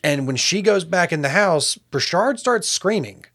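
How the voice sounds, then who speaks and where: A man's voice: high voice, normal speed. A man co-hosting a true crime podcast, talking animatedly, swearing often and acting out what people said. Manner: animated, swears a lot, acts out quotes. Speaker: podcast co-host. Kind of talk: casual true crime chat.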